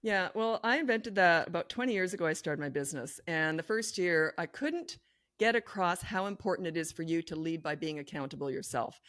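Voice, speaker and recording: A middle-aged woman speaks with a blunt, no-nonsense directness, her voice sitting a little low for a woman. She tells her stories in a lively way as a podcast guest. The recording is close and dry, with no room echo. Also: a little fast. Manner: lively, acts out quoted voices. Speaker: parenting coach guest. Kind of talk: podcast interview.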